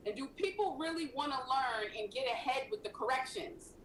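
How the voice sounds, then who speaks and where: A woman hosting a casual radio talk show, talking in an emphatic, animated way. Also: high voice, brisk, roomy sound, a little hiss or hum, rough recording.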